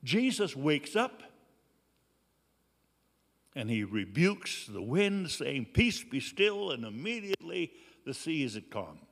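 Slow earnest preacher in a reverberant hall. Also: male voice, medium pitch, very animated, gravelly. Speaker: pastor. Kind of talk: sermon.

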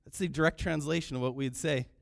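Animated preaching man, higher voice. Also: quick pace, vocal fry. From Canada. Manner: animated preaching, acting out quoted cries loudly. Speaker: pastor. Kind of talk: sermon.

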